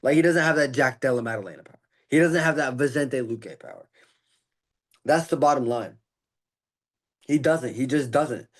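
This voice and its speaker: A man's voice: medium pitch, brisk. A man talking through fight predictions in a loose, rambling way, with plenty of fillers. He sounds tired and a little out of breath. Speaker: podcast host giving fight predictions. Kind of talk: casual fight breakdown.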